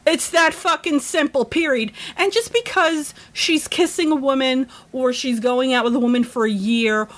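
A woman's voice: high voice, normal speed, hardly any pauses. A woman ranting to camera in a heated, profane and emphatic way, worked up and emotional. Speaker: vlogger. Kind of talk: angry rant to camera.

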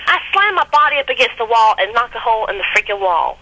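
Lively high-voiced woman caller on phone. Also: quick pace, hardly any pauses, slight background noise. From Florida. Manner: chatty, laughing, animated storyteller. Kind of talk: casual phone-in chat. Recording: phone line.

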